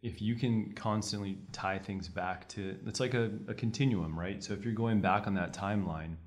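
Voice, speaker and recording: A man's voice: on the low side, moderate pace. A young man, a trial lawyer guest on a podcast, telling courtroom stories with energy. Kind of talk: conversational podcast interview.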